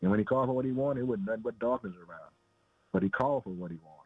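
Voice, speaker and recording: A man's voice: fairly low pitch, rapid-fire, husky, no room sound. Preacher, man, loose conversational sermon, keeps saying "man" and "boy", thin phone-line sound, dry. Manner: repetitive, conversational, calls listener "man" and "boy". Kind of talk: informal preaching.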